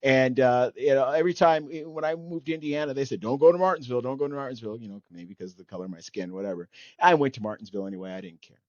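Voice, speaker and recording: A middle-aged man tells a story in a casual podcast chat. He talks in animated bursts and keeps checking in with "okay?" along the way. The recording is dry and a little dull. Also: medium pitch, quick pace, dry recording. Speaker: podcast host.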